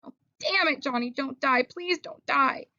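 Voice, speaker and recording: A woman's voice: high voice, quick pace, creaky, a bit bright, no echo, muffled recording, voice pushed up. A woman voicing a hotheaded tough greaser boy. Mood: anguished. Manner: urgent, clipped and commanding. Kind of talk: audiobook character voice.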